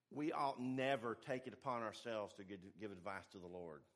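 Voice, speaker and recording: A man preaching a sermon, emphatic, swinging between hushed asides and forceful exhortation. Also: on the low side, expressive, normal speed.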